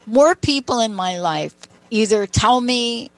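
A woman's voice: a little high, animated, slow, no echo, faint music behind, low-quality recording. A woman hosting a talk show, telling personal stories in a chatty way and making asides to her co-host. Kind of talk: conversational storytelling.

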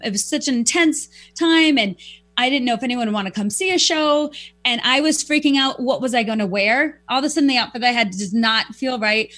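A woman guest who speaks professionally, telling stories in a reflective, animated way and acting out quoted lines. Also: fairly high pitch. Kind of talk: conversational storytelling.

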